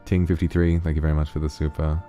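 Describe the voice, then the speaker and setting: A man's voice: rumbling low, level tone, fast, dark tone, faint music behind. A man streaming casually, rambling about ideas and thanking donors one by one. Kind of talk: casual stream chat reading donations.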